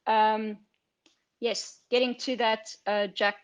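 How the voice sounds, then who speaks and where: A woman talks slowly in a fairly high voice, with plenty of fillers and asides. She sounds candid and chatty as a film editor answering questions. Her voice comes through a video call. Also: little pitch movement, clean tone. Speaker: film editor, guest speaker. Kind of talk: online Q&A talk.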